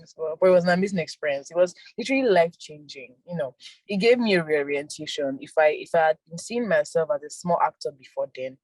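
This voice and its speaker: A young woman, an actress and filmmaker, giving soft-spoken casual interview answers with frequent laughs. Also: on the low side, expressive, quick pace, dry recording, low-quality recording. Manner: soft-spoken, laughs often, repeats words.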